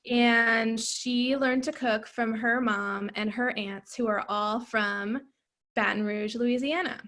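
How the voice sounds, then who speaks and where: A woman book editor presenting a cookbook on a video call, unhurried, with many fillers. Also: fairly high pitch, fairly even intonation, fairly bright tone. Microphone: computer mic on a video call.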